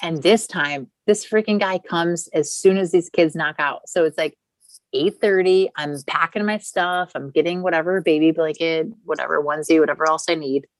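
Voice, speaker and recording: A chatty woman in her thirties tells a long personal story with casual swearing. Her voice sits low and the sound is dry and close, with no room around it. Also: moderate pace, no echo, rough recording. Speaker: podcast guest.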